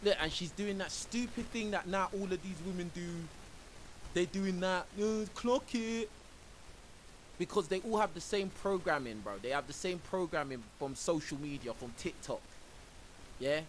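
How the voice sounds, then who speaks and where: On a livestream, a man reacts to a clip with an indignant rant, saying "bro" constantly. His voice is high-pitched and moderately paced, captured on his own microphone in a rough recording with faint hiss.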